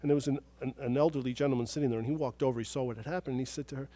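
A man preaching a sermon as pastor, telling stories and moving from soft, hushed moments to loud, emphatic praise. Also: medium pitch, steady tone, racing.

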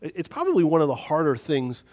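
A man's voice: a little high, huge pitch swings, quick pace, darkish tone. A man preaching a sermon on forgiveness in a conversational, self-deprecating way, telling a story on himself.

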